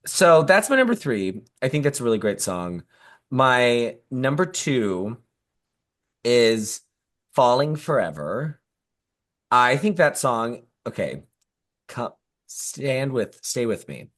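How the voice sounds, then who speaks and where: A woman's voice: very deep voice, big pitch swings, takes it slowly, pauses often. A woman co-hosting a pop music podcast in casual chat, talking enthusiastically with lots of fillers. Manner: chatty, enthusiastic, many fillers. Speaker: podcast co-host.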